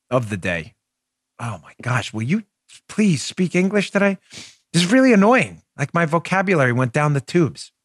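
A man with a fairly high, lively voice that leaps up and down as he riffs. He hosts his political podcast in a jokey, excitable monologue. The sound is close and dry, with no room around it. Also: no room sound. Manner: excitable, mock-pleading, jokey. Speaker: political talk show host.

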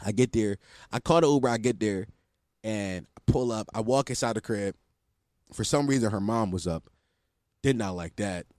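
A man's voice: on the low side, moderate pace, pauses often, a little mellow, dry recording, clean studio sound. A young man telling a story in casual, profane, self-mocking slang to his listeners.

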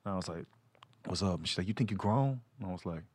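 A man with a slightly low voice spins loose, slangy stories in a relaxed comedy chat. He jumps into the voices of the people he quotes as he goes. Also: fast, breathy edge. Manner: animated storyteller, slangy, acts out quotes.

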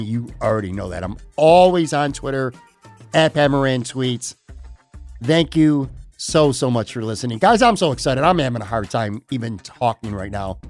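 A man wraps up his podcast in a chatty, upbeat way, circling back to the same points. His voice sits at a middle pitch, and faint music plays quietly behind him. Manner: upbeat, chatty, repeats himself. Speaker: podcast host. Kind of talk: casual podcast outro.

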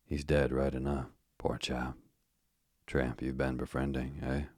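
A man reading the part of a brisk, matter-of-fact male doctor who speaks in short, clipped phrases. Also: rumbling low, little pitch movement, a little mellow, husky, no echo, studio quality, exaggerated voice.

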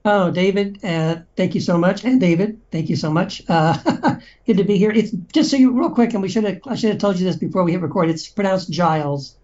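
A man's voice: sits high, fairly quick, a little mellow, dull audio, a little hiss or hum. A man from Texas, an author, chatting as a podcast guest in a friendly, rambling way with many fillers. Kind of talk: casual interview chat.

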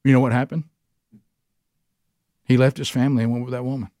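This Southern US man has a medium-pitched, warm voice with a flat, fairly quick delivery, captured in studio quality without room sound. Teaching a men's Bible study, he preaches earnestly and emphatically, his voice rising abruptly for emphasis in a sermon.

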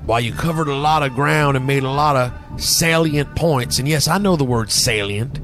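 A man doing an impression of a gruff middle-aged football coach, rambling and boasting in a folksy way. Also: mid-range voice, normal speed, a bit bright, soft background music, lightly acted. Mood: rambling boastful.

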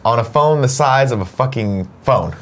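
A man's voice: mid-range voice, lively intonation, moderate pace, fairly bright tone. A man co-hosting a casual morning show, chiming in with sarcastic, jokey asides. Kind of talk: casual chat.

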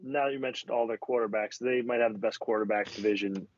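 A man's voice: fairly low pitch, steady tone, fast talker. A man co-hosting a casual sports podcast, opinionated and full of fillers. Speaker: podcast co-host. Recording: dull dry lo-fi audio.

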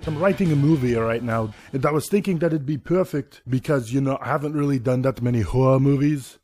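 A man doing a booming, boastful action-star governor. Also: dark tone, faint music behind, lightly acted. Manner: grandiose, halting, mock-serious delivery. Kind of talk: comedy sketch impression.

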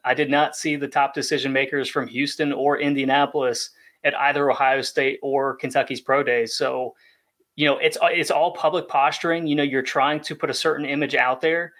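A man speaking in a measured, explanatory way as a podcast analyst. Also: a little high, a bit bright. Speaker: draft analyst. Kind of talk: podcast discussion.

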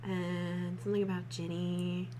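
A woman's voice: lowish voice, little pitch movement, unhurried, background noise. A woman co-hosting a podcast, reading a fan fiction aloud and breaking off for sardonic, laughing asides. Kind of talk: casual chat and mocking read-aloud.

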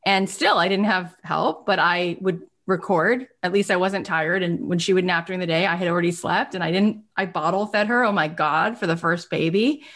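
A woman's voice: lowish voice, moderate pace, few pauses. Candid woman podcast host. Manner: emotional, candid storyteller with rising excitement. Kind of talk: casual conversational interview.

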